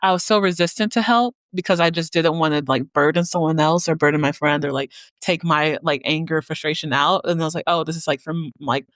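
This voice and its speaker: A woman's voice: low voice, steady tone, a little fast, hardly any pauses, a bit bright, dry recording. A woman podcast host telling a personal story in a loose, chatty way. She strings thoughts together with frequent "like" and easy laughs. The sound is dry and close. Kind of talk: podcast conversation.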